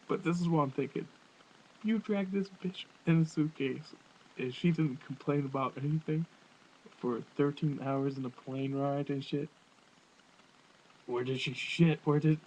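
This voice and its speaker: Man ranting crudely on a webcam. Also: a little high. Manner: crude, rambling, often laughing. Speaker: vlogger. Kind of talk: comedic webcam rant. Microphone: webcam microphone. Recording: dull webcam audio with faint hiss.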